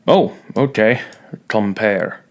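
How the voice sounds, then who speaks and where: Man, teacher, recorded online lesson, wry, unhurried, gravelly. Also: on the low side. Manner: wry, self-mocking, talks students through a sonnet aloud.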